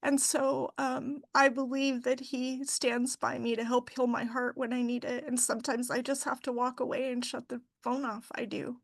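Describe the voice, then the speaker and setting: A middle-aged woman, a funeral director, talking heartfelt about her work and faith with many pauses and fillers. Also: high-pitched, level tone, creaky, no room sound. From Idaho. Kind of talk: emotional interview talk.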